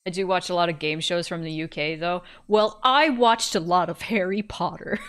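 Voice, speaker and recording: A woman's voice: lowish voice, moderate pace, a bit bright, clear, resonant tone. A woman co-host making casual, self-deprecating asides while reading along. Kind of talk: casual chat.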